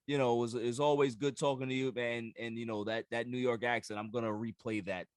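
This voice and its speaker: Animated, emphatic man hosting sports talk. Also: medium pitch, fast talker, smooth, dry recording. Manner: animated, emphatic, repeats words when excited. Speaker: podcast host.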